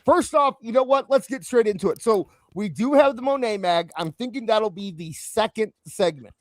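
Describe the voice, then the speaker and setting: Lively high-voiced male podcast host. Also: moderate pace, no room sound. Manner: animated, rambling, jumps in pitch. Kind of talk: casual wrestling talk show chat.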